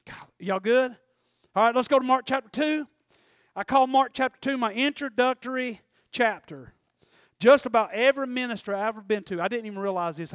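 A man's voice: sits high, fairly bright tone, no room sound, studio quality. A man preaching a folksy, conversational sermon, often checking in with the congregation.

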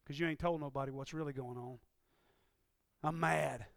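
A man preaching a sermon in a folksy way, dropping to quiet asides and rising to shouted, impassioned peaks. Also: fairly even intonation, normal speed, vocal fry, no room sound, studio quality. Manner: swings from low conversational asides to shouted, impassioned climaxes; folksy, uses ain't and y'all.

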